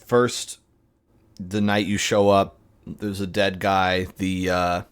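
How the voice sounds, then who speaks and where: Man playing a gruff ex-mob man, low voice, slow, stiffly formal. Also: flat delivery. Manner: halting, overly formal requests. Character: gruff former mobster man, stiffly polite.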